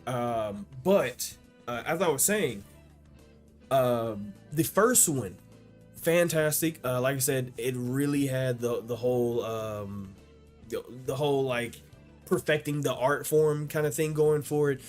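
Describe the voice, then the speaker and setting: A man hosting an anime reaction video, talking casually and excitedly, swearing and restarting his sentences often, with faint music behind him. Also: mid-range voice, slow. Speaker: anime reaction channel host.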